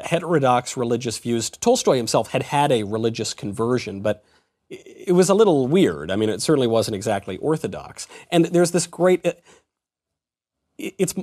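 A man's voice: medium pitch, lively intonation, brisk, a little mellow. A man hosting a casual book discussion, amused and laughing as he reads passages aloud. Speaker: podcast host.

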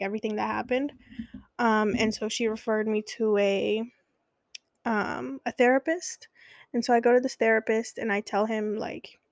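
A woman's voice: on the high side, no room sound, studio quality. A young adult woman telling a personal story in a candid, conversational way, with many fillers.

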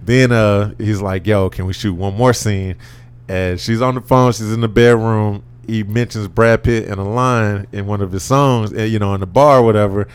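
A man co-hosting a casual podcast chat, retelling scenes in an animated, slangy way with lots of laughter. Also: lowish voice, moderate pace, clean tone. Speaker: podcast co-host.

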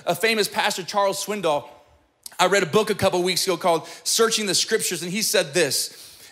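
A man's voice: sits high, sharp tone. A man preaching a sermon, emphatic and conversational, often checking in with the congregation as he explains scripture. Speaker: pastor.

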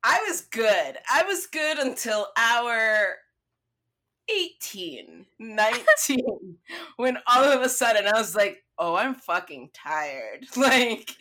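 A woman's voice: fairly high pitch, slow pace. A young woman telling a story in casual chat, swearing freely and acting out her own lines. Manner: profane, animated storytelling.

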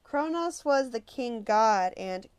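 A woman's voice: a little high, animated, slow, smooth, dry recording. A woman reading a novel aloud and voicing a flustered twelve-year-old schoolboy who answers eagerly but hesitantly.

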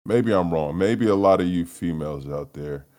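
Podcast host, male, extremely low voice, low-energy profane solo rambler. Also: moderate pace, a little mellow. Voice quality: profane, rambling, laughs often. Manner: low-energy, mumbling, trailing off. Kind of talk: solo casual rant.

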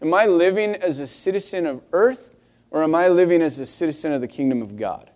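A man's voice: fairly high pitch, expressive, a little fast, a little mellow. A young adult man preaching a sermon in a conversational, wry storytelling way, with frequent restarts. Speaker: pastor.

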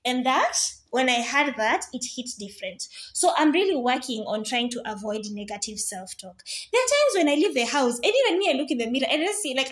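A young woman, chatting casually on a solo podcast. She talks in an animated way, slips in Swahili words and acts out little voices. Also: high-pitched, fairly quick. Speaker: podcast host.

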